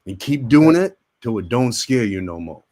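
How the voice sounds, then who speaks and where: A man's voice: medium pitch, very animated, moderate pace, darkish tone, dry recording. A man, an Army veteran and actor, telling blunt, profane stories as a guest in a casual interview. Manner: blunt, profane, intense storytelling.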